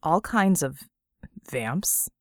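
A woman voicing a blunt, sarcastic young man in an audiobook, with a lowered, clipped delivery. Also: animated, very slow, dry recording, studio quality, heavily acted. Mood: terse. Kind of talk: audiobook character voice.

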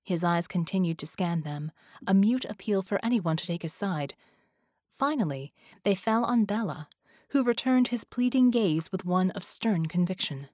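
A woman's voice: lowish voice, lively intonation, moderate pace, darkish tone, dry recording. Woman narrating an audiobook, dry sound. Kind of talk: scripted narration.

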